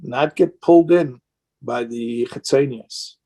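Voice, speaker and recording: Husky, tired, earnest rabbi. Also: male voice, medium pitch, takes it slowly, dark tone. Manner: earnest, emotional, pleading. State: tired, worn down. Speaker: rabbi answering audience questions. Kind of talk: impassioned Q&A talk.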